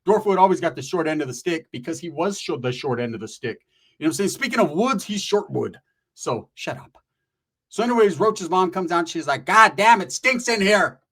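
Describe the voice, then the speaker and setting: A man telling a rough personal story in casual, profane street slang, animated and conversational. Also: a little high, brisk.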